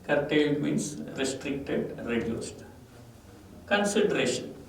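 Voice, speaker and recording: Male English teacher with an Indian English accent, deliberate pace, recorded away from the mic in a reverberant room with faint noise. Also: on the high side, expressive, far from the mic. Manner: slow, repeats each word and its meaning with stress. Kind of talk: classroom vocabulary lesson.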